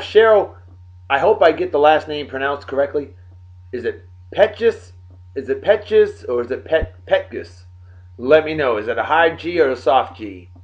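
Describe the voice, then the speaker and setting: A man hosting a daily beer and song show from home, rambling and joking as he gives birthday shout-outs to friends. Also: fairly high pitch, highs cut off. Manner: rambling, jokey, talks straight to friends. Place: home in Texas.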